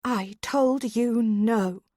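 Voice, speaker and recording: A woman's voice: fairly high pitch, drawn-out words, no echo, studio quality, voice pushed up. A woman voicing a stubborn, indignant young lady. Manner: sharp, rising and heated.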